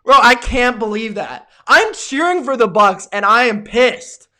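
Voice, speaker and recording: A young American man hosting a live reaction stream of a football game, calling plays and yelling at big moments while talking to his chat. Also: very high-pitched, a little slow. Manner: excitable, yells at big plays, talks to chat viewers.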